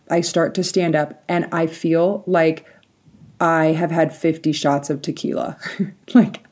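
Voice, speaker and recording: Young adult woman hosting a solo podcast, a mellow, lowish voice, casual and animated storytelling. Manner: lively personal storytelling with frequent likes and laughs. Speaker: podcast host.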